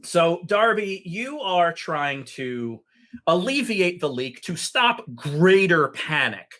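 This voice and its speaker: Guy running a tabletop game, bright voice, takes his time, lots of ums. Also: sits high. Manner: unhurried, lively storytelling with many fillers. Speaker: game master.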